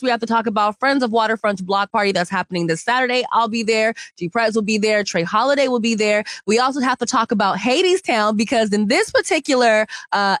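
A woman's voice: a little high, no echo. A woman hosting her own podcast from a studio, chatting casually and slangily about news and culture. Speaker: podcast host.

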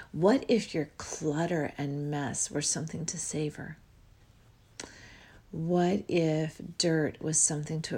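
Slow, breathy woman musing dreamily. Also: lowish voice. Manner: dreamy, musing, with frequent yawns and soft trailing words. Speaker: podcast host. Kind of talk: spiritual podcast monologue.

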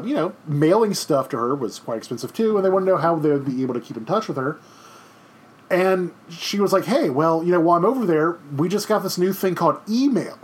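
A man in his thirties giving a conversational history lecture from home, rambling and restarting with lots of fillers. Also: on the high side. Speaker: teacher. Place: home during quarantine.

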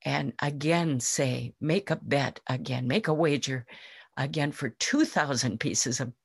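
Casting: a patient, big-hearted ox in a told fable, put on by a woman, soft and slow, breathy. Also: a bass voice, lively intonation, dry recording, studio quality, full character voice. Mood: gentle. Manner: gentle, reproachful questioning. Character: patient, generous male ox.

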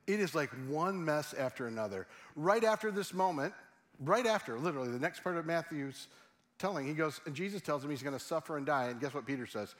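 A middle-aged male pastor delivering a sermon with a somewhat raised pitch. He keeps it humorous and conversational and often turns to his listeners with questions. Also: expressive, a little fast, fairly bright tone.

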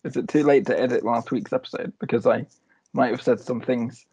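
Cheerful male host, mid pitch, dry, slightly dull recording. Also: steady tone, brisk, darkish tone, husky, dry recording. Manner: upbeat, laughs easily. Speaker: podcast host. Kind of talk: casual chat. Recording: dull dry podcast audio.

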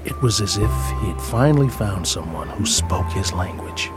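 A man's voice: deep voice, lively intonation, moderate pace. A father telling a scripted personal story in a reflective, tender way, sometimes dropping to a whisper, over background music.

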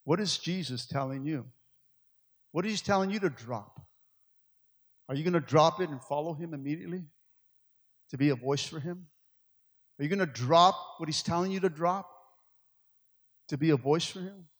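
A man preaching a sermon as pastor, swinging from loud, urgent appeals to quiet, low passages. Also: moderate pace, long pauses, in a large hall. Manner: preaching with rising, shouted appeals and quiet stretches.

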